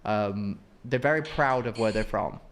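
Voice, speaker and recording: A young man from northern England co-hosting a podcast, chatting in an animated, jokey way. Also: fairly low pitch, a little slow, a little hiss or hum. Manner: animated, jokey, slips into exaggerated mock voices. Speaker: podcast co-host. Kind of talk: casual chat.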